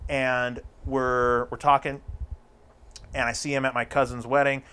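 A man's voice: mid-range voice, flat delivery, a little slow, bright, forceful tone, clean tone. Profane, rambling male storyteller. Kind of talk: casual storytelling chat.

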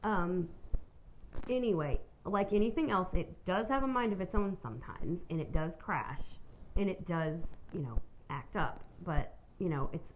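A woman's voice: on the low side, animated, a little slow, narrow, tinny audio, a little hiss or hum. A woman hosting her own podcast, telling a personal story in a candid, rambling way and swearing freely. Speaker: podcast host.

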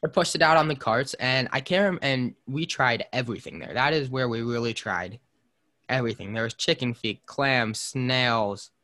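A man's voice: medium pitch, normal speed, sharp tone. Rambling man hosting a casual podcast. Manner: rambling, many fillers and restarts, jumps between topics. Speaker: podcast host. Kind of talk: casual chat.

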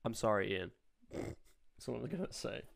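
A hungover man co-hosts a casual podcast and needles his co-host with dry jokes. His voice is gravelly with vocal fry, and his pitch moves a lot even when he sounds tired. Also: moderate pace, over a noisy crowd. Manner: teasing, dry banter.

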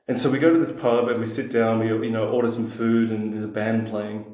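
A man's voice: fairly low pitch, level tone, brisk, hardly any pauses, darkish tone, echoey room, low-quality recording. Easygoing man telling stories. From Australia. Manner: easygoing, self-deprecating, laughs a lot. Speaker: podcast guest. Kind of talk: casual storytelling chat.

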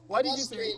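Animated man hosting a chat. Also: very high voice, slight background noise. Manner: playful, animated, laughs often. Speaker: host. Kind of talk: casual chat.

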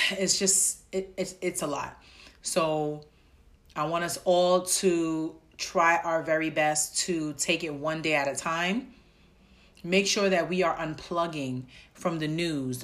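A woman's voice: low voice, a bit bright. A woman hosting her own podcast, speaking earnestly and from the heart, straight to her listeners. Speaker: podcast host. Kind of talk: personal podcast talk.

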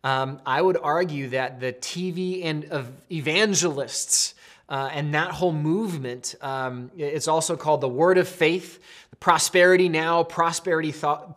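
A man's voice: a little high, a bit bright. A man giving an earnest, conversational Bible lesson to camera, often restarting mid-sentence. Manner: conversational, earnest, with frequent restarts and shifting pace. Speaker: Bible teacher. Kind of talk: casual video teaching.

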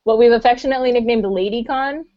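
A woman's voice: a little high, racing. Chatty woman, muffled recording. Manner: rambling, laughing, many fillers. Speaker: podcast co-host and convention organizer. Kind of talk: casual podcast chat.

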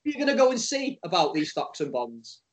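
An Englishman co-hosts a relaxed podcast chat over a Skype call, with a voice that sits a little high for a man. He ribs his co-host, cracks jokes and laughs easily. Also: fairly quick. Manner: joking, teasing, laughs often. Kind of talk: casual chat.

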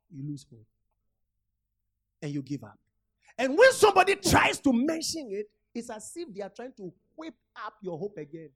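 A woman preaching a sermon, retelling a scripture story and urging her listeners with repeated calls and sudden shouts. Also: on the high side, breathy edge. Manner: repetitive, urgent exhortation with sudden shouts.

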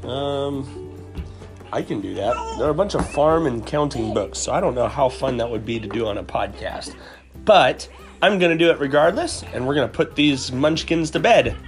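Reading aloud from a farm picture book, this dad and podcast host entertains his children with animated animal noises. He speaks at a moderate pace in a medium pitch, with faint music in the background.

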